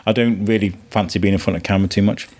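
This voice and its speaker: A man's voice: fairly low pitch, steady tone, rapid-fire, a little mellow. A man with a Dublin Irish accent hosting a casual podcast interview, enthusiastic and repeating himself. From Dublin, Ireland. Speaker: podcast host.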